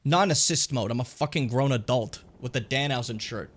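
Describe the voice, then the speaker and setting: A man's voice: medium pitch, brisk, soft background music. A young man streaming a video game, rambling casually and swearing often. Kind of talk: let's play commentary.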